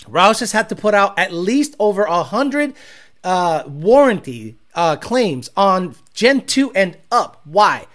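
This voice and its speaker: A man's voice: high-pitched, big pitch swings, takes it slowly, a bit bright. A man hosting a car-tuning talk show, ranting bluntly and profanely with sarcastic asides. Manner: mocks others with exaggerated voices. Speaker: host.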